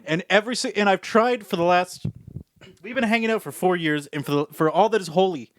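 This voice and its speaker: A man's voice: sits high, fairly quick, a bit bright. A young man co-hosting a podcast, rambling with lots of "like" and "you know," wry and a bit profane. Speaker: podcast co-host. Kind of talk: casual chat.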